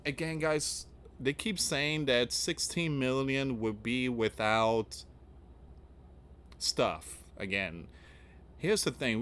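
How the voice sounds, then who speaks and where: A man with a fairly low voice hosts his own news commentary channel. He talks casually and loosely, circling back with repeated asides to his viewers. He reads items out, then reacts to them with pointed questions. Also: fairly bright tone, slight background noise. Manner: rambling, repetitive, often restarting with "again" and "guys".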